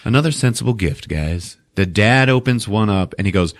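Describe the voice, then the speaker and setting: A man's voice: on the low side, wildly swooping pitch, normal speed, fairly bright tone. A man hosting a podcast, recapping a movie in a casual, profane way, laughing often and acting out characters.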